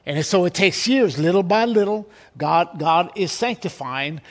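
A man with a high-pitched voice preaching verse by verse. He talks earnestly and with emphasis, quoting scripture and pressing each point with repeated phrases. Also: animated, a little slow. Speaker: pastor. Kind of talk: verse-by-verse sermon.

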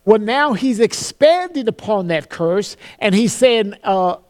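A man preaching a sermon, earnest, slowing down to quote scripture solemnly and often repeating words as he starts a phrase. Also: high-pitched, lively intonation, darkish tone.

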